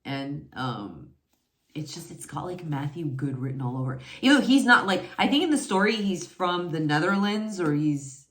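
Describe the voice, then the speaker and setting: Speaking at a normal pace with lively intonation, a low-voiced woman in her forties reviews romance novels in a loose, casual chat. The book reviewer rambles, filling gaps and correcting herself, and the room is echoey.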